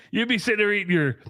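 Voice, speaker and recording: A man's voice: sits high, bright, forceful tone, dry recording. A man co-hosting a casual call-in radio show, chatty and laughing often as he tells stories.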